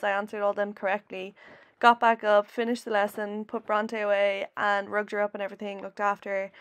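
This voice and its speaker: A woman's voice: medium pitch, clear, resonant tone. A young Irish woman in a chatty, heartfelt vlog voice-over, with lots of "like" fillers. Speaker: channel host. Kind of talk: casual vlog voice-over narration. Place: voice-over over riding footage. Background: background music.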